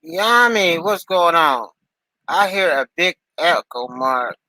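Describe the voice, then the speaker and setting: A man's voice: a little high, lively intonation, slow, pushed and bright, no echo, rough recording. A man chatting loosely with his live-stream viewers through a headphone mic, joking and calling people by name. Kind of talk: casual live-stream chat.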